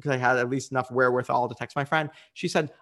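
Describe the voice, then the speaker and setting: Earnest man coach, mid pitch. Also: fairly even intonation, fast, fairly bright tone. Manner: earnest and reflective, with frequent fillers. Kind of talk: candid interview conversation.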